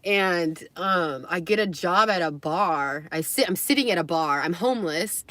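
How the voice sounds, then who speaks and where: Low-voiced young woman telling her story. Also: a little slow, fairly bright tone, no echo. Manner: candid and rambling, swears, laughs between phrases. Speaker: livestreamer. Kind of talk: casual personal storytelling.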